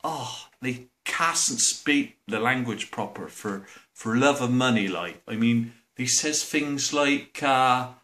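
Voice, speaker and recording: A man with a Bristol accent giving a rambling, deadpan comic monologue as a mock professor, using broad dialect grammar. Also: medium pitch, takes it slowly, few pauses.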